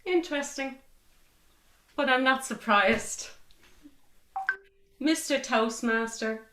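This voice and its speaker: Lady giving a club speech, deliberate, roomy echo. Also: high-pitched, bright, forceful tone. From Ireland. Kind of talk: prepared speech.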